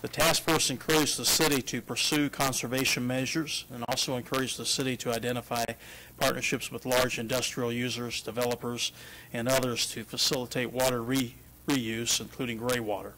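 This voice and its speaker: A man's voice: mid-range voice, level tone, a little fast, bright, forceful tone, low-quality recording. A man who heads a business chamber, reading a formal prepared statement at a council podium. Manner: formal, read-out delivery. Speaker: chamber of commerce president.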